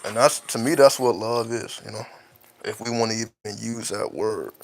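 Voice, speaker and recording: A man's voice: lowish voice, moderate pace, creaky, soft background music, poor audio. Profane, reflective man talking casually. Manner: profane, reflective, keeps asking "right?". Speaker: podcast host; father. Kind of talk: casual late-night monologue.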